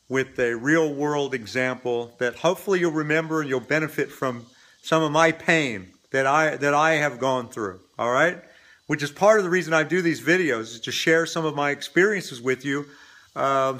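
A man's voice: on the high side, fairly bright tone. A man speaking as a business speaker, telling a story to camera in a casual, rambling way with lots of restarts.

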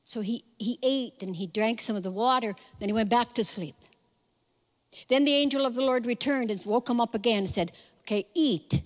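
Lively woman preaching in a church. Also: on the high side, a little fast, in a large hall. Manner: lively, conversational storytelling with asides. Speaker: guest speaker. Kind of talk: sermon. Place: church sanctuary.

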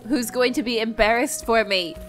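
A woman's voice: a little high, moderate pace, soft background music. A woman playing a game alongside the host, chatting casually and teasing, with sudden yelps when she gets hit. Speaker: co-player. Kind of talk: casual gaming chat.

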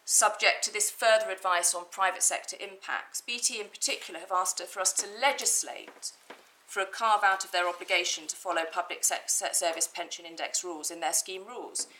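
A woman's voice: lowish voice, a little fast, pushed and bright, a little hiss or hum, rough recording. A woman barrister making methodical legal submissions in an appeal courtroom, reading from documents with some restarts.

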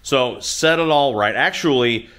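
A man's voice: mid-range voice, a little slow, fairly bright tone, clear, resonant tone. Middle-aged man, mid-range voice, casual rambling host, self-deprecating, recorded in a home garage. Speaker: motorcycle channel host. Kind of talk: casual storytelling to camera.

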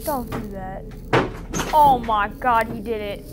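A woman playing a horror game and reacting aloud, panicky, gasping and shouting in fright. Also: a little high, slow pace, heavy background noise. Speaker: gamer.

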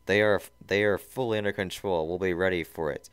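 A man's voice: low-pitched, steady tone, a little fast, clean tone, dry recording, close to an everyday voice. A man voicing a whiny, nasal male sidekick to a villain while reading a fan story aloud. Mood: simpering. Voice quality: nasal, whining.

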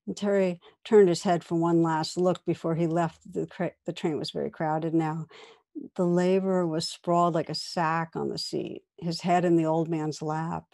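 Her voice sits low and her tone stays level as this woman meditation teacher tells a story in a dharma talk. She speaks gently and with measure, dipping at times into a soft whisper.

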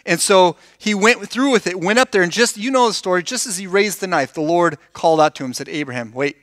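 A man's voice: high-pitched, fast talker, dry recording, clean studio sound. A man preaching a conversational sermon as pastor, telling stories animatedly, acting out the dialogue and asking the congregation questions. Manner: animated storytelling, acts out quoted dialogue. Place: church.

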